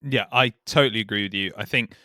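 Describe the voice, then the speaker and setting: Low, bright man rambling. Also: fast, no echo, studio quality. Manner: rambling, swears, restarts, laughs easily. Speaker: podcast co-host. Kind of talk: casual chat.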